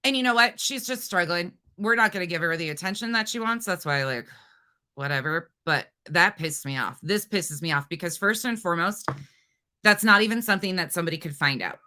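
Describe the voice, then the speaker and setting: Speaking briskly in a lowish, expressive voice with a sharp tone, a livestream host unleashes a heated, profane rant at a female rival, taunting her as she goes.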